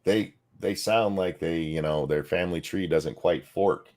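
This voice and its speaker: A man's voice: low-pitched, a little slow, a little mellow. A man co-hosting a casual podcast, talking in a blunt, crude, ranting way. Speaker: co-host.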